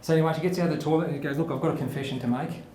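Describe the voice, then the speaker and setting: A man's voice: on the high side, steady tone, racing, warm tone, a little hiss or hum. A man hosting a live comedy show, telling jokes and laughing along. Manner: chatty, laughs at his own jokes. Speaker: host. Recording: echoey room, faint ambience.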